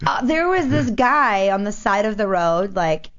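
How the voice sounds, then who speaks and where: A woman's voice: mid-range voice, big pitch swings, a little slow, a bit bright. A woman telling a story in casual conversation, rambling with lots of "like" and restarts, sounding amused. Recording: dull lo-fi recording.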